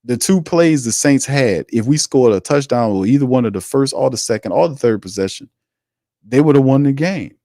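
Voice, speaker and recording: A man's voice: medium pitch, lively intonation, normal speed, warm tone, no echo, studio quality. A man hosting a sports talk show, ranting in exasperation and repeating himself as he vents frustration. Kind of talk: sports commentary rant.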